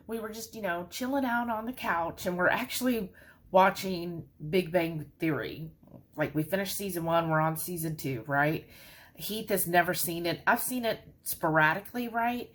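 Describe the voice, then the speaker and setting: A woman talks to her viewers in a loose, rambling style, dropping "y'all" every few sentences. Her voice sits a little low for a woman, and she sounds relaxed and conversational. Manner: chatty, rambling, says "y'all" often. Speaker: vlogger. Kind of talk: casual chat.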